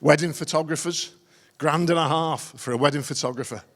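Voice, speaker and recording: A man's voice: a little high, a little fast. A middle-aged man doing a stand-up routine as an after-dinner comedian, telling wry, self-deprecating stories. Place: large conference dinner hall. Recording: long reverb of a large hall.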